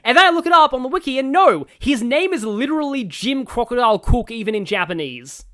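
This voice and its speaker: A man's voice: very high voice, animated, brisk, a bit bright. A man giving casual, rambling commentary while streaming a game. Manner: rambling, full of fillers and self-corrections. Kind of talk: casual let's-play commentary.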